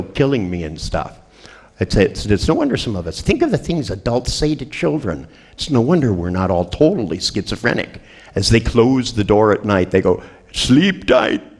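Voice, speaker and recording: A middle-aged man giving a humorous seminar talk to a group, telling jokey stories and acting out the voices of people in them. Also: lowish voice. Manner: joking storyteller who acts out quoted voices. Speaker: seminar trainer.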